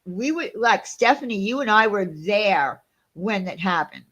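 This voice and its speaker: A woman hosting a channel in a casual livestream chat. She talks in an animated, indignant, gossipy way. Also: medium pitch, a little slow. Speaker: channel host.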